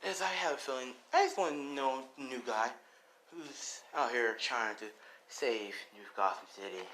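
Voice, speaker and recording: A man's voice: mid-range voice, normal speed, pushed and bright, slight background noise, close to an everyday voice. A man doing a sly, teasing cat burglar woman.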